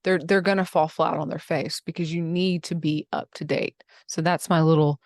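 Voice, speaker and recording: A woman's voice: low-pitched, fairly even intonation, moderate pace, a little mellow, no room sound, clean studio sound. A woman giving blunt, emphatic career advice in a casual interview, calling listeners honey and baby.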